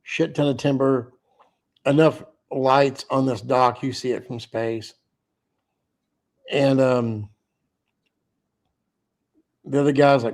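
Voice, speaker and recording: A tired, yawning man hosts a casual live stream, rambling, swearing freely, and reading the chat aloud. His mid-range voice has a steady, darkish tone, and he takes it slowly with frequent pauses.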